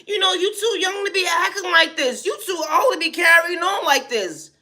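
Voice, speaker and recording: A woman with a high, bright voice delivers a spoken-word motivational monologue, hammering short refrains again and again. She swings into loud, laughing, profane rants. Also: animated, moderate pace. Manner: emphatic, repetitive, chanting refrains. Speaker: vlogger.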